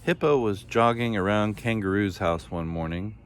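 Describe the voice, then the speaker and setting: A man reading a children's picture book aloud in a plain, steady storytelling manner. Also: fairly low pitch, moderate pace, slight background noise. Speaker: storybook reader.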